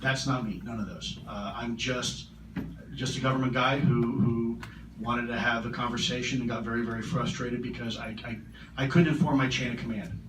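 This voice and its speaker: A man answering audience questions at a conference, earnest and measured, often repeating his words. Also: mid-range voice, fairly even intonation. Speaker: conference keynote speaker. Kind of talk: public Q&A answers. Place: large conference hall. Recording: roomy hall, distant mic, noisy.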